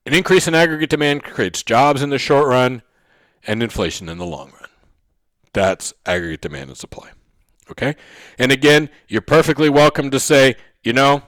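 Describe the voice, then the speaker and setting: In this dry, close recording with no echo, a male economics teacher lectures in a mid-range, slightly bright voice. He repeatedly asks his listeners "okay?" or "right?" and revisits the main points at a slow pace.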